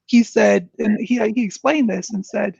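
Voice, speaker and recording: A man's voice: normal speed, gravelly, darkish tone, husky, dry recording. A man speaking earnestly as an interview guest, searching for words and restarting often. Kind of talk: reflective interview talk. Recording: dull muffled low-fidelity sound.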